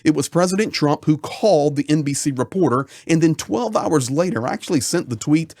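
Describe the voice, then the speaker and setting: A man's voice: fairly high pitch, expressive, fairly quick, a little mellow, dry recording, studio quality. A man hosting a political commentary channel, talking indignantly and emphatically, repeating words for effect.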